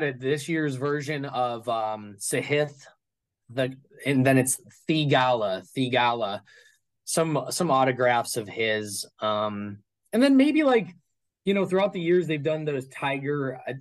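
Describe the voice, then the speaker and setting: A man in a relaxed interview, rambling as he talks. He stops and restarts his sentences and fills the gaps with ums and likes, in a voice of middling pitch. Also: poor audio. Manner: rambling, full of fillers and restarts. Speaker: guest card collector. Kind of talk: casual interview chat.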